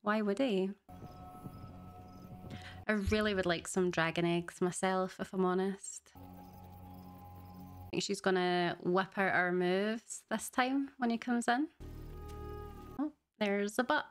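A woman's voice: medium pitch, animated, slow pace, long pauses, faint music behind. A woman hosting a reaction video, chatting casually and emotionally as she watches a show for the first time. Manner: chatty and emotional, often laughing and gushing.

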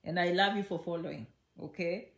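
A woman's voice: on the low side, fairly even intonation, a little fast. A woman hosting a casual livestream chat from home, chatty and affectionate, often checking in with okay. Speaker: social media host. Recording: echoey room.

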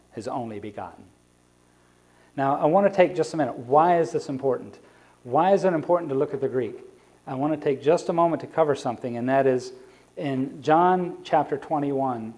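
A male evangelist delivering a sermon in a mellow, warm voice. He walks his listeners through scripture point by point and often pauses to ask them questions. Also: medium pitch. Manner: explanatory, asks the congregation rhetorical questions. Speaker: evangelist preacher.

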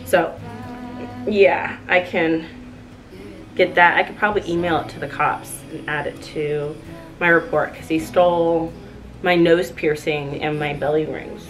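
A young woman talks in a gushing, chatty way, with lots of "like"s, in a slightly low voice. Her voice bounces around an echoey apartment room. Faint music plays underneath. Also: steady tone, unhurried. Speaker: vlogger. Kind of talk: casual vlog chat.

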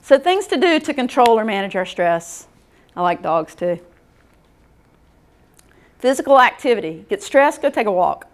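A woman's voice: fairly high pitch, big pitch swings, moderate pace, pauses often. Middle-aged woman, workshop presenter; casual lecture, conversational, keeps asking "okay?". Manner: folksy, conversational, checks in with "okay?".

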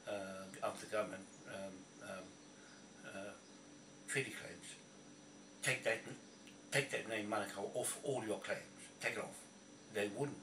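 A man ranting angrily to camera, swearing and repeating himself in a confrontational way. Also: on the low side. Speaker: video blogger. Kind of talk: angry rant to camera. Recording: echoey, from a distance, faint noise.

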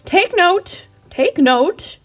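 A woman's voice: extremely high pitch, very animated, extremely slow, voice pushed up, heavily acted. A woman putting on a pompous goat scientist. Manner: lofty, declaring, sure of himself. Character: pompous male goat scientist, bossy and grand.

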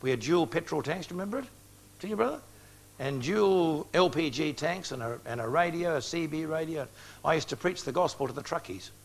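His voice is a little high, gravelly, brisk, and expressive. He's a man in his sixties preaching evangelistically, speaking to the crowd directly and dramatizing dialogue as he tells stories.

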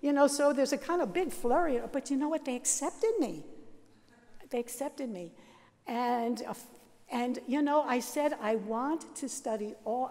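An older Catholic sister telling her life story at a worship service, lively and self-mocking, laughing often. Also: fairly high pitch, big-room sound. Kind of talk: storytelling talk. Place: large seminary chapel.

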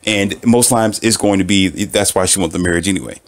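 A man with a low-pitched voice speaks fairly quickly, with a little hiss or hum in the audio. In a casual monologue, he gives listeners relationship advice in a preachy, animated way, often laughing at his own points and stacking up rhetorical questions.

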